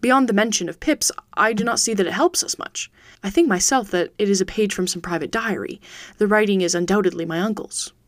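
A woman's voice: medium pitch, brisk, dry recording, clean studio sound, lightly acted. A woman voicing a troubled young man who tells his tale earnestly and anxiously.

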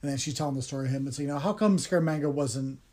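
A man's voice: mid-range voice, rapid-fire, mellow. A man co-hosting a casual film podcast, rambling with many restarts while retelling movie scenes. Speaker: podcast co-host. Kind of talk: casual chat.

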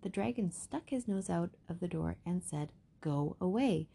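A woman reading a picture book aloud in a steady, expressive way. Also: fairly low pitch, moderate pace, gravelly, husky. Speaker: storyteller.

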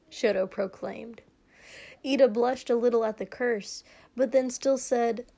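Woman reading a story out loud, slow, measured, slightly high voice. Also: fairly even intonation. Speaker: story reader. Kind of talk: audiobook narration.

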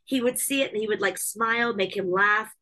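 A woman's voice: mid-range voice, brisk, sharp tone, poor audio. Emphatic woman podcast host. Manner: emphatic, repeats herself while thinking aloud. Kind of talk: casual chat.

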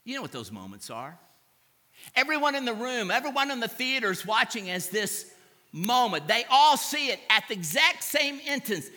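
Male pastor, sermon storyteller; high, very bright voice, long hall reverb. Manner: dramatic storytelling, acting out crowd reactions; asks the congregation to repeat after him.

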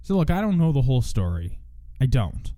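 Profane rambling man, lively pitch. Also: fairly quick. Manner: profane, rambling, self-interrupting. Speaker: podcast host. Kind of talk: solo podcast monologue.

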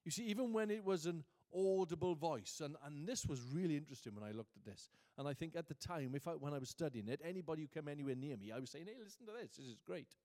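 A man preaching a sermon, moving from quiet reflection to booming emphasis and reading scripture slowly. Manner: reads scripture aloud slowly.

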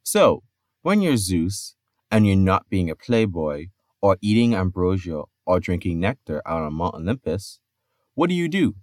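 Male podcast storyteller, lively delivery, deep, dry sound. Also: a little slow, no echo. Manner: expressive storytelling with playful asides. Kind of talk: narrating myths.

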